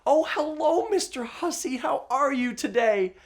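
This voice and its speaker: Upbeat pool waiter guy, a man doing the voice, high and sing-songy, very sure of himself. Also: measured pace. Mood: cheerful. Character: cheerful male poolside drinks waiter, upbeat and certain.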